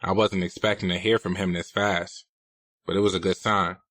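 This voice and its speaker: Deep guy reading a street novel, cussing, crisp bright voice. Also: little pitch movement, moderate pace, no echo. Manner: blunt, profane, streetwise. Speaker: audiobook narrator. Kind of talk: first-person novel narration.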